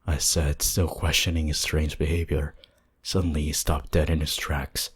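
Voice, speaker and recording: A man narrating a horror story in a hushed, tense, deliberate way. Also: extremely low pitch, level tone, breathy edge.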